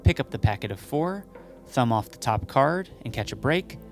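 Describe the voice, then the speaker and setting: A man explaining a card move step by step, calmly, as the host of a magic tutorial. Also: mid-range voice, moderate pace, soft background music. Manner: joking storyteller, acts out dialogue; calm step-by-step instruction. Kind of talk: stand-up comedy bit, then tutorial instruction.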